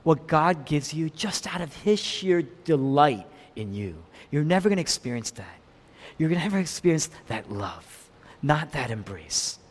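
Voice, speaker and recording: Male pastor, emphatic sermon, animated swooping delivery, reverberant sanctuary. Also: normal speed, slightly rough. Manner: emphatic, rising to strong peaks then dropping low. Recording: long hall reverb.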